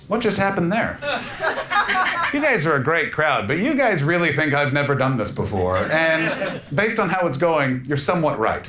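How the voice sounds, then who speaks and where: A man doing stand-up crowd work, teasing the audience in a brash, profane, rapid-fire way. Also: a little high, heavy background noise. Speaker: stand-up comedian. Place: comedy club stage before a live audience. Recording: live club recording with crowd laughter. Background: audience laughter.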